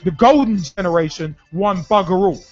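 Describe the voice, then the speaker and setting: A high-pitched man rants about football on a live talk show, blunt, heated and circling back to the same phrases. The sound is dull and lo-fi. Faint music plays behind him. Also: normal speed. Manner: ranting, repetitive, blunt and heated.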